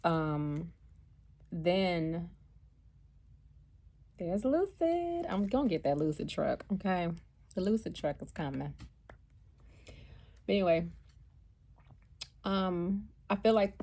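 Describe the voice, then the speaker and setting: A chatty American woman tells a story from her travels, her voice low and gravelly. She talks casually and animatedly, slipping into the voices of the people she met. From United States. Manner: chatty, animated, acts out quotes. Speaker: vlogger and spiritual card reader.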